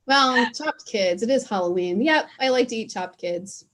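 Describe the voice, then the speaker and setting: A woman's voice: a little high, normal speed, a bit bright. A woman hosting a casual chat over a video call, talking loosely and joking, laughing often. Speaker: host.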